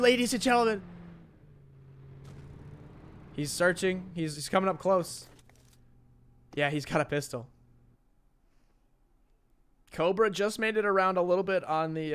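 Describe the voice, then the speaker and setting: A man's voice: on the high side, fairly bright tone. A man with a New York accent hosting and casting an online game tournament, chatting loosely with viewers between plays. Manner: chatty, rambling asides to viewers. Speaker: tournament host and spectator caster. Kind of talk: live-streamed game commentary.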